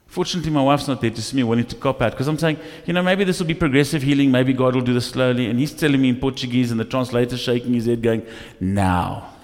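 A male pastor preaching a sermon, telling stories with lively acted asides in a church. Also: medium pitch, quick pace, hardly any pauses. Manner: animated storytelling with acted asides. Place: church hall. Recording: echoey church hall.

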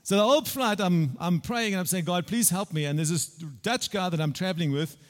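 A man preaching a sermon in a church, telling a personal story with repeated phrases and loud bursts of emphasis. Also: high voice, animated, fairly quick. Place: church hall. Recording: long reverb from a large hall.

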